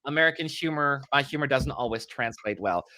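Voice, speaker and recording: Bright, chatty man hosting a live stream. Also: medium pitch, lively intonation, brisk, dry recording. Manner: chatty, self-mocking, reads viewer questions aloud; dry and sarcastic. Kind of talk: casual live-stream commentary.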